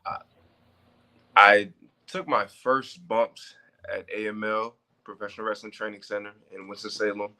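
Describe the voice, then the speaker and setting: A man's voice: on the low side, little pitch movement, normal speed, bright, forceful tone. A man in his twenties, a professional wrestler being interviewed, talking casually and stressing words for emphasis.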